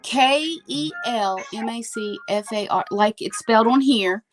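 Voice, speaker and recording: A woman's voice: on the high side, a little slow, faint music behind, rough recording. A woman co-hosting a casual live stream, chatty, telling stories to viewers. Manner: chatty, storytelling. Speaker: co-host.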